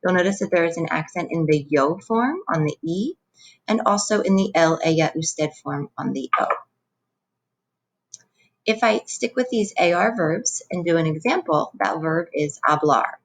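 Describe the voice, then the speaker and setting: Woman Spanish teacher, low voice, patient and clear video-lesson delivery. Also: expressive, moderate pace, low-quality recording. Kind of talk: recorded classroom lesson.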